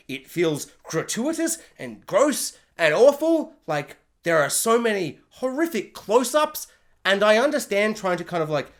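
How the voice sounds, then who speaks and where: A show reviewer in a casual comic rant, animated and sarcastic with lots of fillers. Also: mid-range voice.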